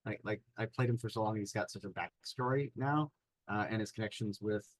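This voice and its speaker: A man's voice: on the low side, brisk, no room sound, poor audio. Hesitant, easygoing male player, recorded dry and close. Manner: hesitant, many fillers. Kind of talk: casual chat.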